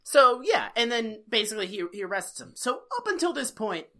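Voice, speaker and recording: Bright-voiced woman recapping a show. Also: a little high, brisk. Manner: profane, joking, animated retelling. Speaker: podcast co-host. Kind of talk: casual recap chat.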